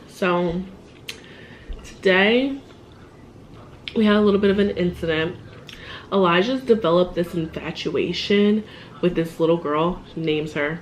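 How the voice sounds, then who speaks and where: A woman telling a personal story in a casual vlog, animated and upset, laughing and quoting the people in it, a little shaky. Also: on the low side, a little hiss or hum. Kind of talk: casual storytime while eating.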